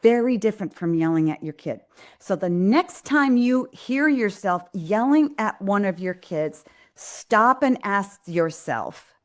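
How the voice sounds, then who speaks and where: Middle-aged female parenting host, live Q&A, earnest direct delivery, medium pitch. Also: sing-song, slow pace. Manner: earnest, direct, acts out parents' and kids' lines in quotes. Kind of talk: live Q&A parenting advice talk.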